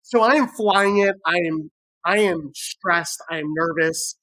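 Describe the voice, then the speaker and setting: A woman co-hosting a podcast, telling a story with animated, sweary acted-out quotes. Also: on the low side, measured pace. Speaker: podcast co-host. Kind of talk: casual chat, storytelling.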